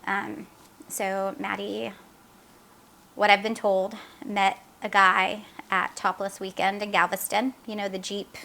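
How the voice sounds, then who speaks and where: A middle-aged woman, a mother recounting her daughter's story in an interview, earnest and halting, with fillers and re-enacted dialogue. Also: mid-range voice, flat delivery, gravelly, bright, forceful tone. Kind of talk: emotional personal account in an interview.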